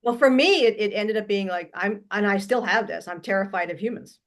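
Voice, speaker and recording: A woman hosting a casual conversation, speaking haltingly and letting her sentences trail off into quiet. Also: mid-range voice. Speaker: host.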